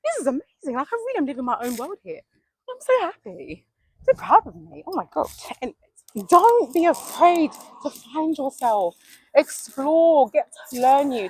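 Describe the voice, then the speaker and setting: Animated woman vlogging on a walk. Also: fairly high pitch, slightly rough, no room sound, low-quality recording. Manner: animated, emphatic, laughs often. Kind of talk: motivational vlog on a walk. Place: outdoors on a walk. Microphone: mic worn while walking.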